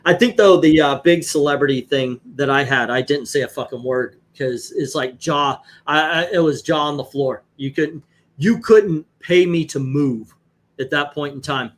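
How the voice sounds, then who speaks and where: A man hosting a stream, telling profane, animated anecdotes in casual chat. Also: fairly high pitch, normal speed. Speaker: host. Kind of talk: casual storytelling on a live stream.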